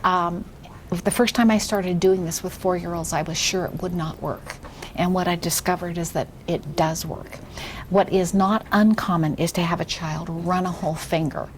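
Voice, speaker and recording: Woman, reading tutor, patient, encouraging, slow soft whispers, faint hiss. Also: lowish voice. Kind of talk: demonstration reading lesson with a child.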